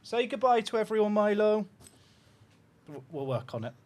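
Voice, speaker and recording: Lively high-voiced man streaming. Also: normal speed, noisy background. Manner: coos softly at a puppy, then chats upbeat with his viewers. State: sleep-deprived. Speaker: livestream host. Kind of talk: casual livestream chat.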